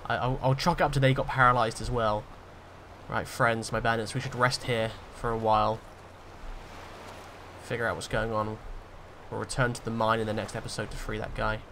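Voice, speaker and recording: A man hosting a role-play gaming video, talking in a groggy, monotone way. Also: mid-range voice, moderate pace, a little hiss or hum. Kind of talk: role-play game commentary.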